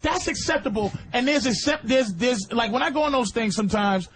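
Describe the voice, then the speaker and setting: High-voiced, profane man arguing loudly. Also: animated, brisk, a little hiss or hum. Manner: profane, argumentative, loud bursts of laughter. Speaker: comedian regular on a radio show. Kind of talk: heated radio banter.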